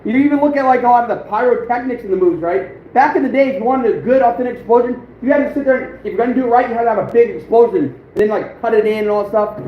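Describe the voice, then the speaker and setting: A man in his thirties rambles through a loose livestream chat, chuckling as he goes. His voice sits high for a man. The sound comes through thin and phone-like, with a roomy echo and a faint hiss. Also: rapid-fire, hardly any pauses. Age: 30s. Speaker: outdoors livestream host. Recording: phone-like echoey room with faint noise.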